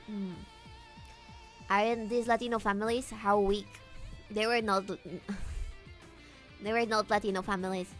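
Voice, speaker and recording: A woman streamer chatting casually with her viewers, animated, laughing often and swearing freely, with faint guitar music behind. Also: a little high. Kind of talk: casual livestream chat.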